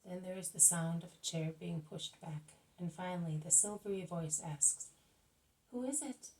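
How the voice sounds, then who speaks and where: A woman reading a spiritual book aloud, calm and measured, as the channel's reader. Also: fairly low pitch, recorded from a distance, rough recording. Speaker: audiobook reader.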